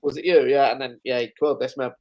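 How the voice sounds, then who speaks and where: Over lo-fi sound, a man with a medium-pitched voice and level tone hosts a live-stream recap at a quick pace. He's a loose, casual storyteller who swears freely and keeps chuckling.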